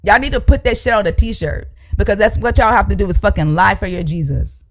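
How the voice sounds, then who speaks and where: A live-stream host with a drawl, talking into a streaming mic at a middling pitch. The delivery is blunt and salty, hammering the same demand again and again in a heated back-and-forth with callers. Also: fairly quick. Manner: blunt, profane, repeats demands insistently. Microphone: live-stream microphone.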